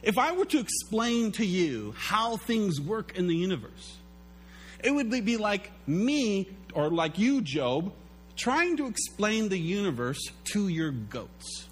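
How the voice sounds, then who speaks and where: A preacher voicing God, stern and lofty. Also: male voice, sits high, very animated, takes it slowly, slight background noise, pitched above the performer's own voice, exaggerated voice, poor audio. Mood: lecturing. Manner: exasperated, lecturing, emphatic. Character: God, stern all-knowing male deity lecturing a mortal.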